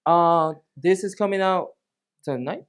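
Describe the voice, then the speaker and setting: Male co-host, high voice, casual and excitable, loops back on his points. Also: a little slow, clear, resonant tone. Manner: animated, repeats himself, laughs often. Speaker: podcast co-host. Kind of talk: casual fight analysis chat.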